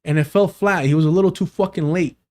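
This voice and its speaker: A man's voice: on the high side, steady tone, fast talker, a little mellow. A man hosting a reaction commentary, ranting incredulously and swearing a lot. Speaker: commentary channel host.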